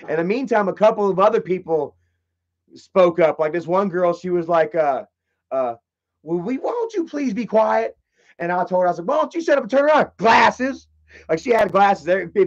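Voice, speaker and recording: Man, high voice, profane, rambling, animated storyteller, muffled lo-fi livestream audio. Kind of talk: casual storytelling. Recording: slightly dull lo-fi stream audio.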